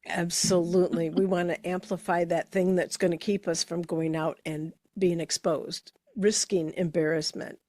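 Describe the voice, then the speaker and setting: A woman co-hosting a motivational podcast, speaking in a measured, reflective way as she builds her points. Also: on the low side, flat delivery, darkish tone, dry recording. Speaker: podcast co-host. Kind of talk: casual motivational chat.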